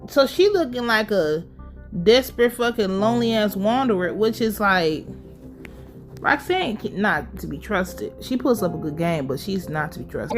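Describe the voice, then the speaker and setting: A woman giving a casual, sassy and profane recap of a TV episode with lively asides. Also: medium pitch. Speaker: show recap host.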